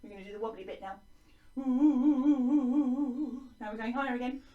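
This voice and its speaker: A woman's voice: a little high, racing, reverberant, far from the mic, phone-quality sound. A woman with an English accent teaching young children in an online lesson, in a sing-song, encouraging way that is exaggerated for small children. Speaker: primary school teacher.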